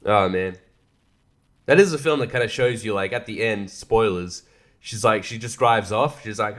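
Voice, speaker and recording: A man's voice: on the low side, normal speed, fairly bright tone. A young man hosting a casual solo podcast, rambling, swearing a lot and laughing often. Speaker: podcast host.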